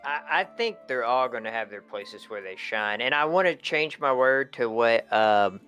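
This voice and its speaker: A man co-hosting a live stream in casual chat, thoughtful and hesitant, pausing with frequent ums. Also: medium pitch, animated, fairly bright tone, smooth, soft background music. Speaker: co-host.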